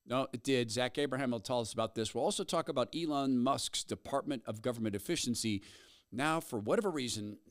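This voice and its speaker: A man hosting a talk show, telling stories with animated energy. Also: medium pitch, no echo, clean studio sound. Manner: animated storyteller. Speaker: host. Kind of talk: talk radio banter.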